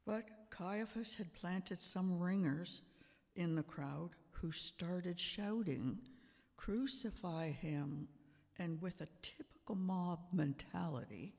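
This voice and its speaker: A man's voice: high-pitched, creaky, a little mellow, full character voice. A man playing Pontius Pilate, a defensive Roman governor justifying himself on the witness stand in a church play. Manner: slow, deliberate, emphatic storytelling. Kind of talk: amateur church drama. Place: church sanctuary. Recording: long church hall reverb.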